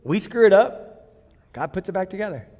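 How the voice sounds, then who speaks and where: Brief: blunt male pastor, high voice, emphatic sermon delivery, long reverb of a church hall. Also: lively intonation, normal speed. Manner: blunt, emphatic preaching with sudden loud bursts and quiet asides.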